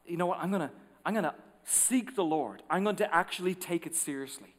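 Male pastor, higher-pitched voice, animated storyteller who drops to hushed asides, sanctuary reverb. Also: fairly quick. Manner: animated storytelling, acting out quotes, swings from loud to hushed. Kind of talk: sermon. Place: large church sanctuary. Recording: long reverb of a large hall.

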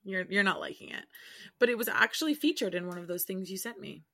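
A young adult woman co-hosting a podcast, chatting casually with a friend in a relaxed, lightly sarcastic way. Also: medium pitch, fast talker, creaky. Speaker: podcast co-host. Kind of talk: casual chat between friends.

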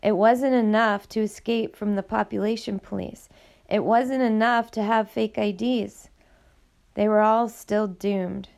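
A woman reading a novel aloud as audiobook narrator, in a steady, measured way with a gravelly voice. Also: medium pitch. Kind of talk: scripted narration.

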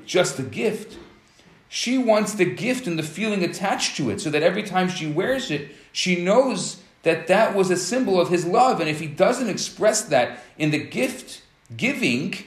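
Animated man teaching in an echoey room. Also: high-pitched, unhurried. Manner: animated, explanatory, acts out scenarios. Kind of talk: relationship teaching talk.

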